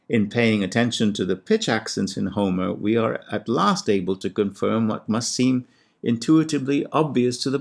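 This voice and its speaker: A man, a classics scholar, giving a measured and precise lecture on ancient poetry with a lightly wry touch. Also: lowish voice, gravelly, husky. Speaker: classics scholar and podcast host. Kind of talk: scripted lecture with recited Greek verse.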